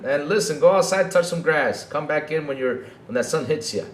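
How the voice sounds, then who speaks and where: A man ranting on a gaming podcast, his pitch bouncing all over the place as he mocks and needles his critics. He keeps ending sentences with "though". The sound has a roomy echo. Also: a little fast. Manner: animated, mocking, keeps tacking on "though". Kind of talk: casual livestream rant.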